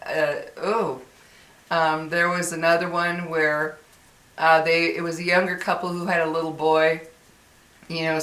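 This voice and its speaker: A woman's voice: fairly low pitch, pushed and bright. Exasperated woman vlogger, echoey room. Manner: chatty, exasperated, many fillers and restarts. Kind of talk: casual venting monologue.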